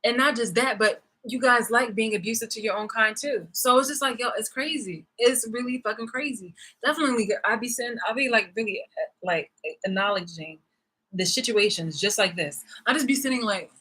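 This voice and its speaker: Woman on a sweary angry vlog rant, sarcastic, kinda raspy but bright voice. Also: on the high side, normal speed, low-quality recording. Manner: profane, angry, sarcastic, with bursts of laughter. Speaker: vlogger.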